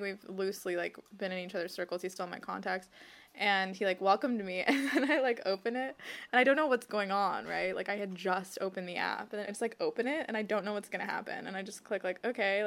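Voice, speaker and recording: A woman's voice: mid-range voice, vocal fry. A woman in her late twenties chatting casually, laughing often and acting out the people she quotes. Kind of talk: casual chat.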